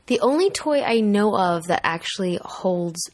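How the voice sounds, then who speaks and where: A woman's voice: mid-range voice, lively intonation, a little slow. A woman hosting a podcast in casual, chatty talk, with hiccups and a laughing, bantering way of speaking. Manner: chatty, laughing, tipsy-then-sobered banter. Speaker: podcast host. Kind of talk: casual chat.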